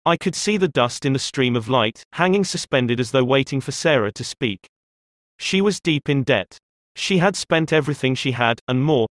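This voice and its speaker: Here a man with a medium-pitched voice narrates an audiobook, measured and expressive as he tells the story. No room sound comes through, and the quality is studio grade.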